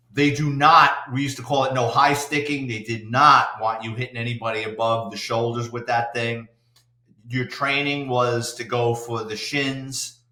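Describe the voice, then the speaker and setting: An older man, a retired police detective telling salty, animated stories in an interview. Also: mid-range voice. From New York City. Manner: salty, animated anecdote-telling with acted-out quotes. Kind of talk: storytelling interview. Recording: roomy echo.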